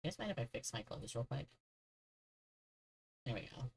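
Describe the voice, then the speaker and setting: A man's voice: mid-range voice, expressive, normal speed, vocal fry, soft background music, rough recording. A man streaming a horror game, chatting casually and joking with the characters on screen. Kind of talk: casual gameplay commentary.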